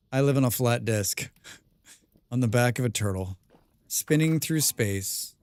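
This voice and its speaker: A man's voice: mid-range voice, darkish tone, clear, resonant tone. A man live-streaming a survival game, reading viewer chat aloud and answering with dry, rambling jokes, humming and mumbling to himself in between.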